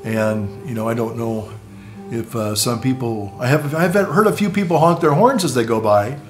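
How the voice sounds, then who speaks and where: A man of middle pitch talks through a casual vlog monologue, stopping and restarting his sentences and tossing in asides. He chuckles at his own jokes, and faint music plays behind him. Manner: halting, frequent restarts and asides. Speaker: vlogger.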